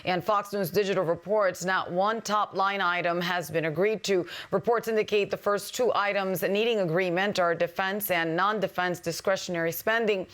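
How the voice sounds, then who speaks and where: A woman news anchor reading headlines in a brisk, even newsreader delivery. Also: mid-range voice.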